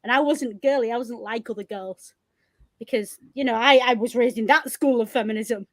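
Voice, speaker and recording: A woman with a Yorkshire accent, co-hosting a casual podcast chat, lively and blunt, laughing often and swearing freely. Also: a little high, moderate pace, no echo. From Northern England. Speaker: podcast co-host.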